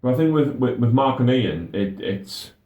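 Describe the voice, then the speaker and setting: A man's voice: medium pitch, expressive, moderate pace, warm tone, roomy sound. A young man chatting casually as co-host, often stammering and restarting his sentences. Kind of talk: casual chat.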